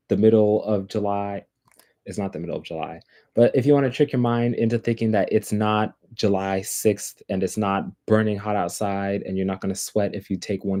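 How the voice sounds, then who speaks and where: A man's voice: lowish voice, mellow. A man hosting a casual livestream, rambling and chatty, with lots of fillers. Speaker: livestream host.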